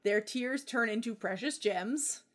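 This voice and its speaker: Young woman podcast host, higher voice, loose, profane storyteller who giggles. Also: measured pace, a bit bright. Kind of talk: casual storytelling.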